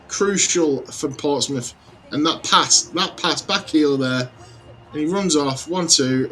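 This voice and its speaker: A man narrates his football video game series as lively play-by-play, bursting into excited shouts at the goals. His voice sits in the middle range. Soft background music plays under him. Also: mid-range voice, measured pace. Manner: energetic, exclamatory play-by-play. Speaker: gaming YouTuber.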